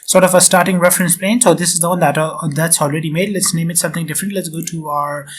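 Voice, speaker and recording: A man with a sore throat walking through software steps quickly, repeating short instructions and filling gaps with "uh" and "and". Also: on the high side, fairly even intonation, breathy edge. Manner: rapid, repetitive step-by-step instructions with many fillers. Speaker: software tutorial presenter. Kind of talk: screen-recorded software walkthrough.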